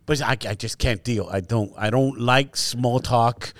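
A man's voice: medium pitch, unhurried, no room sound, studio quality. A middle-aged man from New York, co-hosting a casual podcast chat, telling stories with lots of swearing and acting out what others said. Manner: animated storyteller, swears freely, acts out others' lines. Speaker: podcast co-host.

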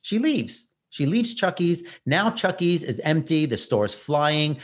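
A man's voice: a little high, breathy edge. A man hosting a podcast, telling a story in a casual, self-mocking way. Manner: animated, self-mocking storyteller with quick bursts. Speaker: podcast host.

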